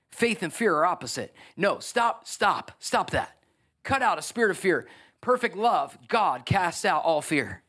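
A man preaching a lively sermon as pastor, acting out the voices of biblical figures. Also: sits high.

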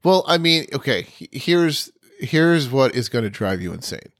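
A man's voice: medium pitch, very animated, unhurried, a bit bright, no echo. Rambling man chatting in a dry room. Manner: rambling, restarts mid-sentence, playful. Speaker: podcast co-host. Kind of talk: casual chat.

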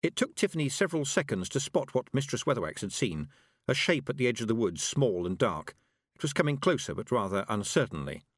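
Man narrating an audiobook in a lively voice. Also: medium pitch, fairly quick, no room sound, studio quality. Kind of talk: scripted narration.

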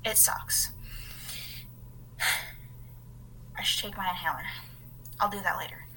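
A woman's voice: lowish voice, slow, sharp tone, in a whisper, rough recording. A woman co-hosting a podcast, telling a story in a casual, rambling way as she reads from her notes and adds asides. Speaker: podcast co-host.

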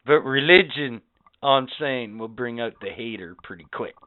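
A man's voice: medium pitch, normal speed, a little hiss or hum. A man co-hosting a podcast, boisterous and profane, laughing often and ranting in casual banter. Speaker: podcast co-host. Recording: tinny lo-fi recording.

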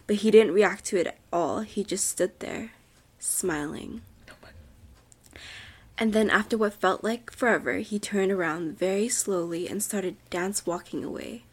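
A young woman with a soft, breathy voice reads a creepy story aloud for a podcast. She drops to a near whisper whenever the tension builds. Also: mid-range voice, normal speed, few pauses. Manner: drops to a whisper at tense moments. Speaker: podcast co-host reading a story. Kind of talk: dramatic horror story reading.

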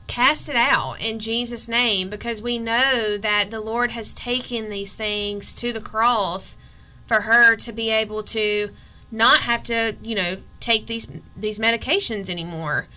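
A woman speaks as a podcast guest in a bright, fairly high voice. She is earnest and pauses now and then as she recounts what happened. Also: rough recording. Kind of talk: podcast interview.

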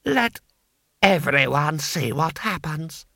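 A man's voice: a little high, animated, slow, gravelly, bright, forceful tone, dry recording, clean studio sound, heavily acted. A man voicing a cold, menacing lord who drags out his sneering questions.

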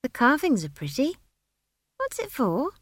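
An earnest young girl asks question after question in a high, lively voice, played by a woman reading the story. It is close and dry, with no room sound. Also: measured pace, dry recording, heavily acted.

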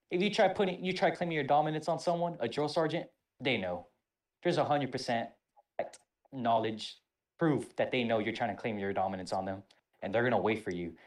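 Profane animated male podcast host. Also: fairly low pitch. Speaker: army veteran. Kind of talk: casual podcast chat.

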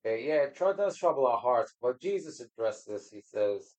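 A man who is a guest on a casual faith podcast, speaking in a halting, preachy way and repeating words. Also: mid-range voice, big pitch swings, a little mellow, low-quality recording.

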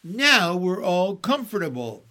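A man voicing a jolly elderly uncle, hearty and booming, talking through fits of laughter. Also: big pitch swings, takes it slowly, sharp tone, exaggerated voice. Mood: jovial.

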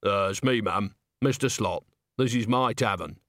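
A man voicing a worried, middle-aged tavern keeper who speaks hesitantly, halting with ums, in a storybook reading. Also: lowish voice, a bit bright, dry recording, clean studio sound.

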